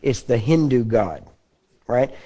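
Texan guy preaching, laid back folksy sermon, warm mellow tone. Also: mid-range voice, lively intonation, slow. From Texas. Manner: folksy, conversational, frequent throat-clearing.

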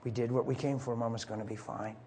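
A middle-aged man preaching a sermon as a story, acting out the voices and swinging from soft whispers to high cries. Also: fairly even intonation, quick pace, slight background noise.

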